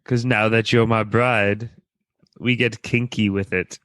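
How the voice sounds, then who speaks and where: A man voicing a deep, slow-talking, vampire-like male lover in a kinky comedy ad bit, with an odd put-on accent. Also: little pitch movement, fairly bright tone, dry recording. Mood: sultry.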